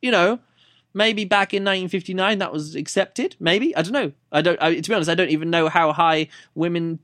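A man's voice: a little high, fairly even intonation, brisk, a bit bright, no echo, studio quality. A man hosting a podcast, reviewing a book off the top of his head, rambling, restarting and correcting himself, and laughing at his own stumbles. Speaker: podcast host reviewing books.

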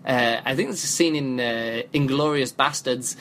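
A man's voice: mid-range voice, normal speed, fairly bright tone, slight background noise. A man hosting a podcast, giving a casual spoken review of a book, thinking aloud with many restarts, recorded on a phone.

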